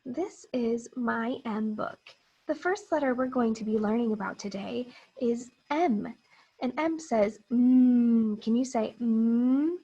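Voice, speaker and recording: A woman teacher reading a picture book to young children in a high, gentle voice. She speaks slowly and exaggerates each sound. She encourages the children to repeat after her. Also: dull audio. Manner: slow, exaggerated and encouraging, with sounds modeled clearly. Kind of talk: read-aloud phonics lesson for young children.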